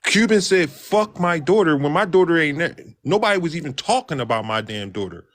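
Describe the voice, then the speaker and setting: A man with a fairly high voice breaking into a heated panel argument. He talks insistently and keeps pushing to be heard over the others. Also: animated, brisk. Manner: interrupting, insistent. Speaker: live stream panelist.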